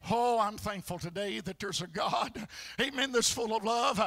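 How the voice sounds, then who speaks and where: A male pastor preaching a fiery sermon in church, breaking into shouts and filling every pause with "uh, amen.". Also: high voice, creaky. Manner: shouting bursts, constant "uh, amen". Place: church sanctuary.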